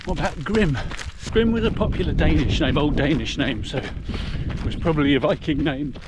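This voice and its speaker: While running a muddy rural trail, a middle-aged vlogger gives chatty, explanatory commentary. His voice is a little high at a normal speed, and the outdoor recording is noisy.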